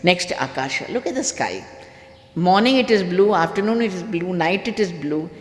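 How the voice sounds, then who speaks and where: A speaker giving a devotional sermon to a live audience, hammering home repeated refrains with big swings in pitch. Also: animated, moderate pace. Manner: emphatic, repetitive refrains with wide pitch swings. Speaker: spiritual discourse speaker. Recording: echoey hall with long reverb and faint music.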